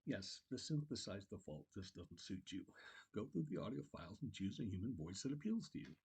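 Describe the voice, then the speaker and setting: A man's voice: on the low side, big pitch swings, a little fast, a little mellow, slightly rough, exaggerated voice. A man playing a dry, weary space traveler. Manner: dry, exasperated. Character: weary, dry-humored man waking after a long space voyage.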